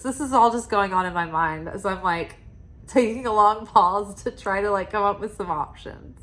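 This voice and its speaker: A woman's voice: medium pitch, normal speed. Chatty woman reading oracle cards. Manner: rambling, confiding, many "like" fillers; soft and quiet at times, with sighs and laughs. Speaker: oracle card reader. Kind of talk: casual spiritual card-reading vlog.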